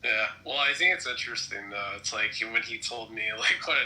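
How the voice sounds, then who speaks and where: A man telling crude jokes in a casual group chat, deadpan and rambling. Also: mid-range voice, fairly quick, reverberant, low-quality recording. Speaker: participant in an online voice chat room.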